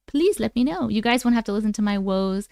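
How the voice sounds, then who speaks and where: A woman's voice: a little high, expressive, brisk, creaky, a little mellow, clean tone, dry recording, clean studio sound. A woman hosting a live stream, chatting casually and greeting viewers by name as she catches up on chat. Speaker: livestream host reading chat. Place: at home.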